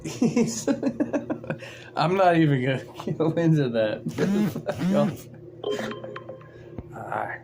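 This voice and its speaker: A man's voice: fairly high pitch, very animated, drawn-out words, long pauses, music in the background. A man hosting a livestream, ranting in an irritated, profane, sarcastic way. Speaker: livestream host. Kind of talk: casual livestream rant.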